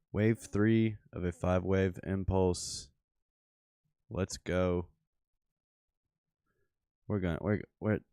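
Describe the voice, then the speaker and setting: Slow-talking Memphis Southern man. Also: sits low, smooth, no room sound, studio quality. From Memphis, Tennessee. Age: adult father. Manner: rambling, thinks aloud with fillers and excited asides. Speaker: crypto streamer. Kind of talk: casual live chart commentary.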